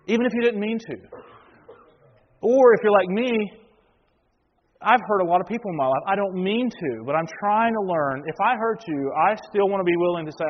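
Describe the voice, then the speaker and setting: A man preaching to his congregation in a slightly high voice. He keeps it conversational, asks the room questions and repeats his words as he works through a point. The recording is muffled, with a long hall reverb. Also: fairly quick. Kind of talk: sermon.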